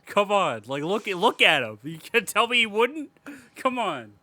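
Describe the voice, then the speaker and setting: A man's voice: sits high, a little slow, a little hiss or hum. A man co-hosting a podcast, retelling a movie in casual chat with profane jokes and laughter. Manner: profane, joking, animated retelling. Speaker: podcast co-host.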